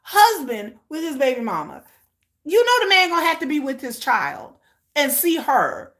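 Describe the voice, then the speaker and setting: Lively high-voiced blunt woman. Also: moderate pace. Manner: blunt, profane, emphatic; animated, repeats phrases for punch. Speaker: host of a live watch-along. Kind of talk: casual reaction commentary.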